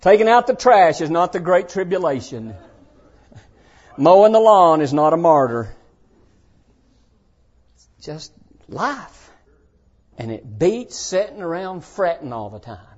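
An older man preaching a folksy sermon to young people, swinging between shouted points and hushed asides. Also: fairly high pitch, sing-song, measured pace, long pauses. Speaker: pastor. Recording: dull lo-fi sound.

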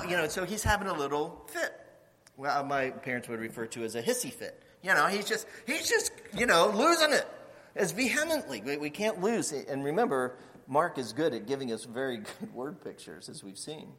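A male pastor delivers a sermon with a bright, forceful tone and a slightly raised pitch. His delivery swings widely, acting out quoted voices and climbing toward near-shouts. The sound carries a long reverb, as in a large hall. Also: sing-song, normal speed.

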